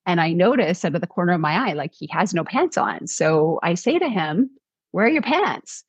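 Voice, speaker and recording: A middle-aged woman, a guest author, telling a personal story in a conversational, animated way, acting out what people said. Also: fairly low pitch, a little fast, breathy edge, no echo. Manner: animated, acts out quotes.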